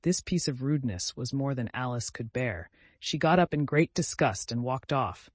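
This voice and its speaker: A man narrating a storybook audiobook in a measured, even way. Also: medium pitch, no echo.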